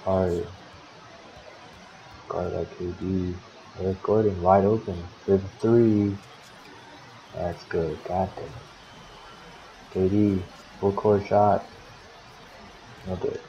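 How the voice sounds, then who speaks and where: A man's voice: deep voice, fairly even intonation, slow, long pauses, a little hiss or hum. A man casually calling the play-by-play of a simulated basketball game for his own team, swearing often and grumbling at his players. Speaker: team manager commentating a basketball sim league. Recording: dull lo-fi recording.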